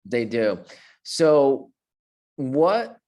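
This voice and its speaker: A man's voice: big pitch swings, very slow, highs cut off, very noisy. A man hosting an interview, asking rambling, enthusiastic questions. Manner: enthusiastic, rambling questions with sudden pitch jumps. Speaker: host.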